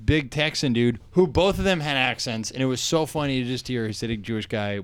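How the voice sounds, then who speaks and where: A man's voice: mid-range voice, fairly quick, clean tone, no echo. A young adult man, a comedy podcast co-host, telling a rambling story in casual chat and acting out the lines of the people in it. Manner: rambling, laughing, acts out quoted lines.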